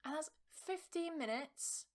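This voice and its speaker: A woman's voice: sits high, animated, slow, darkish tone. A woman hosting an English-learning podcast, giving a casual motivational talk in a blunt, emphatic way, swearing now and then and checking in with her listeners. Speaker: English teacher and podcast host.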